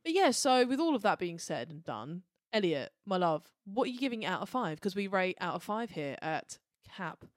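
A woman co-hosting a podcast in casual chat, animated and jokey, often quoting lines in a high put-on voice. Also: moderate pace, few pauses, no echo, clean studio sound. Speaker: podcast co-host.

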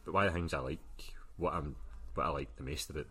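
A young man from Scotland, speaking with a Glaswegian accent and an extremely low, bright, pushed voice with fairly even intonation. He's an author appearing as a podcast guest, chatting casually, swearing freely, laughing quickly and often, and acting out what other people said.

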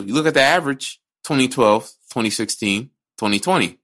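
A man's voice: medium pitch, expressive, brisk, a bit bright. A man co-hosting a podcast in casual chat, ranting and joking with lots of swearing. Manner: ranting, profane, jokey. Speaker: podcast co-host.

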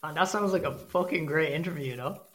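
Young guy, casual chat, laid-back and salty, slightly high voice. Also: fast talker, fairly bright tone.

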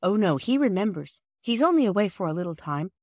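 A woman reading a storybook aloud, voicing a gentle, loving Victorian mother who speaks with soft, tender reassurance. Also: medium pitch, very animated, brisk, dry recording, studio quality. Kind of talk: audiobook character voice.

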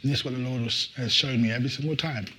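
Husky-voiced preaching man, emphatic. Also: mid-range voice, racing, low-quality recording. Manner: animated, emphatic preaching with repetitions and laughs. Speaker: pastor. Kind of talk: sermon. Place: church service.

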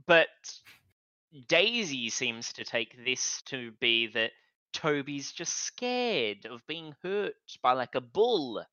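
A man co-hosting a casual online podcast discussion, animated and prone to stammering restarts. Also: mid-range voice, slow pace, no room sound, lo-fi sound. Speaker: podcast co-host.

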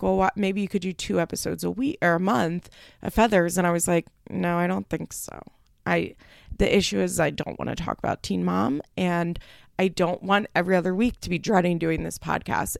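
Young woman podcaster, super gravelly low-ish voice, rambly and teary, dry close mic. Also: no room sound. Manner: rambling, emotional, swears casually. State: tearful. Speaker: podcast host. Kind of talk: solo podcast announcement.

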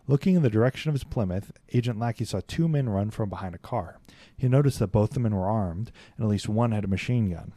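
A young man with a lowish voice hosts a history podcast, working steadily through a written account. He breaks off now and then for loose, chatty comments. The sound is dry and close. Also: no room sound. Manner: steady read-aloud with laughing, chatty interjections. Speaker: podcast host. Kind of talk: reading a historical account aloud with casual asides.

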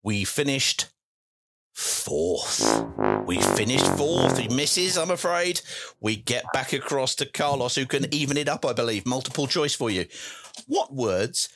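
A man's voice: medium pitch, wildly swooping pitch, a little slow, vocal fry, music in the background. Playful man hosting a quiz. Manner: playful, sing-song commentary voice. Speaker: quiz host. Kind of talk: football quiz with penalty-shootout framing.

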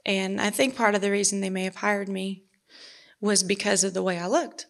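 A woman giving an earnest personal faith testimony, halting and restarting as she talks. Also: medium pitch, fairly even intonation, creaky.

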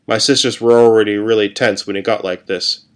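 Man calmly narrating a story. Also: fairly low pitch, fairly quick. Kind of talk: first-person story reading.

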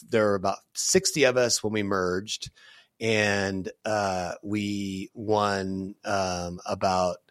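A middle-aged man, a podcast guest, telling stories in a casual, animated way, full of "you know" fillers and the odd swear word. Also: deep voice, dry recording, studio quality. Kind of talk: casual storytelling interview.

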